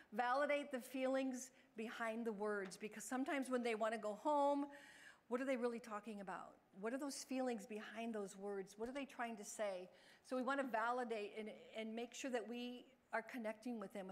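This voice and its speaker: A woman leading a care staff training session, talking fast and chatty, acting out example lines in a brighter voice. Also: a little high. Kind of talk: in-service training talk.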